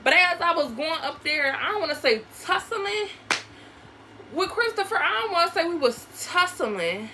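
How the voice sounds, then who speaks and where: A young woman, telling a casual, profane story in an animated way while doing her makeup at home. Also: very high-pitched, moderate pace. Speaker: vlogger. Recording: noisy home recording.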